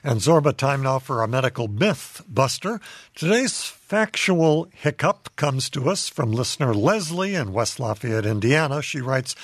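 A man hosting a call-in radio show, friendly and quick to laugh, reading out listener mail. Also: medium pitch, sing-song, dry recording.

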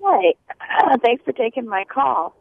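A woman's voice: fairly high pitch, very animated, measured pace, gravelly, a little hiss or hum. A woman calling in to a radio show who speaks hesitantly, with many halts and fillers. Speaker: caller. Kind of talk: call-in question. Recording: tinny phone line.

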